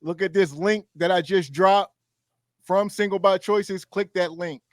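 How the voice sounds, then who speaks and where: Easygoing male podcast host, high voice, dry close sound. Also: a little slow, no echo. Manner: easygoing, inviting. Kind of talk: casual podcast chat.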